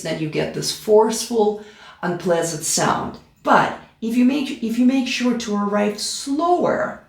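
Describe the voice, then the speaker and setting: A woman teaches piano in a play-along tutorial, patiently giving step-by-step instructions. Her voice is medium-pitched, a little slow, and has vocal fry. The recording is in a roomy space with a piano, and piano playing is heard in the background.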